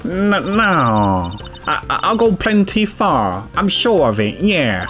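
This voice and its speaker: A man's voice: fairly high pitch, very animated, slow, fairly bright tone, soft background music, pitched above the performer's own voice, exaggerated voice. A man voicing a brash, stubborn young female reporter in a put-on Southern US twang, with a folksy, defiant drawl. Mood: flustered.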